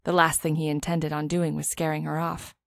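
Calm woman narrating an audiobook. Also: low-pitched, fairly quick, creaky, no room sound. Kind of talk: scripted narration.

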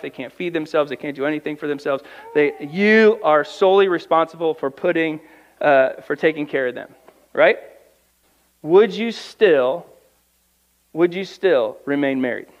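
A man's voice: fairly high pitch, dull audio. A man, a pastor, preaching a conversational sermon in church, asking the congregation rhetorical questions and acting out quoted voices. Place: church sanctuary.

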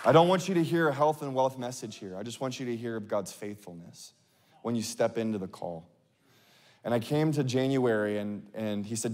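A man's voice: medium pitch, moderate pace, a little mellow. A male pastor preaching in a candid, conversational way, telling personal stories with casual fillers. His voice sits in an ordinary middle register. A long reverb from the large hall trails behind every phrase. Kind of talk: sermon. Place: large church sanctuary.

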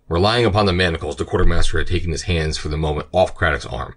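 A man narrating an adventure audiobook in a steady, measured way. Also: low-pitched, vocal fry. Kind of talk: scripted narration.

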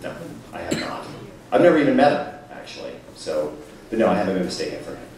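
A man's voice: low-pitched, sing-song, fast talker. A man from the United States taking audience questions at a live event, joking and mocking himself. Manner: joking, wry, self-mocking. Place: large hall with a live audience. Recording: echoey hall, distant mic, loud crowd noise.

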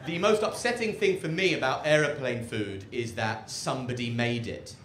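A stand-up comedian performs on an echoey outdoor rooftop, with loud crowd laughter making the recording very noisy. His mid-range voice moves at a moderate pace, and his dry, ironic delivery is full of fillers and halts.

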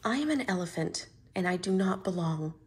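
A woman voicing a gentle, worried male elephant in a storybook read-aloud, speaking in an earnest, fretful way. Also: on the low side, animated, a little fast, husky. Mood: sad.

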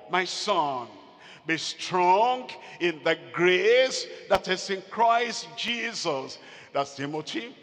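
A male pastor preaching a sermon, slow and emphatic, repeating phrases and calling out to the congregation. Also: high-pitched, a bit bright. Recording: long hall reverb.

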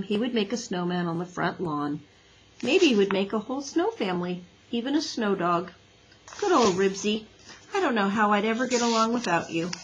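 A woman gently narrating a children's storybook in a breathy voice. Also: medium pitch, slight background noise, rough recording. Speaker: audiobook reader.

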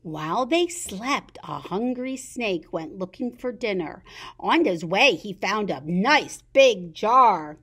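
A woman working as a children's librarian, reading picture books and turtle rhymes to babies in an animated, sing-song way. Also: mid-range voice, takes it slowly, husky.

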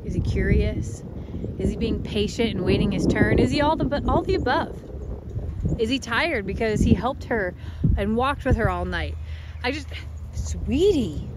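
A woman vlogging in a cattle pasture, chatting affectionately with the cows and musing aloud to viewers. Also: fairly high pitch. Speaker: ranch vlogger. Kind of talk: casual vlog talk to animals and viewers. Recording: outdoor noise, vehicle hum.

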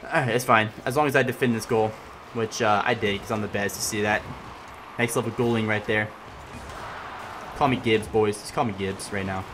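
A young man giving casual gameplay commentary as he plays, excitable and swinging between loud yelling and mumbled asides. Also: lowish voice, normal speed, pauses often, noisy background. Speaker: gaming commentator.

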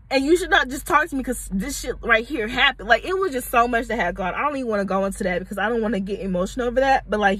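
A woman's voice: fairly high pitch, sharp tone, husky, no room sound, rough recording. A young adult woman telling a personal story on her vlog, candid and emphatic, full of slang and swearing. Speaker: mommy YouTuber.

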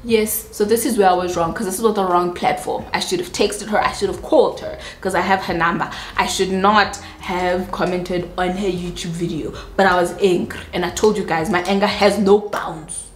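A South African woman YouTuber telling a personal story in a dramatic, animated way, with sudden high-pitched asides. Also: moderate pace, reverberant, soft background music. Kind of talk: storytime vlog.

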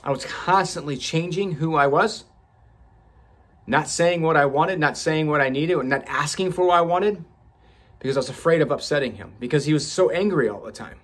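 A man's voice: fairly high pitch, normal speed, a bit bright. A man speaking candidly and with profanity as a podcast host, telling a personal story with frequent restarts.

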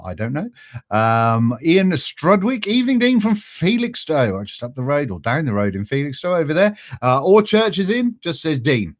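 A man's voice: on the high side, very animated, normal speed. A man hosting a casual live stream, reading out viewer greetings in a chatty, self-mocking way and stumbling over names. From East Anglia. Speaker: vaping channel host.

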